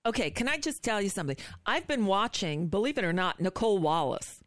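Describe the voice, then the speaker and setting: A woman's voice: mid-range voice, brisk, dry recording, clean studio sound. A woman hosting a radio talk show, chatting casually and reacting with exclamations. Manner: animated, exclaiming, reads chat questions. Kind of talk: casual on-air chat.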